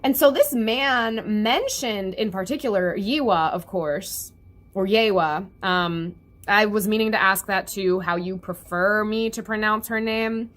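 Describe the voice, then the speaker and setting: A woman's voice: mid-range voice, measured pace, a bit bright. A young woman chatting through a comic chapter review, laughing often and slipping into the characters' voices. Her talk is loose and rambling, full of fillers. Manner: giggly, chatty, acts out characters' lines. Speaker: webcomic reviewer.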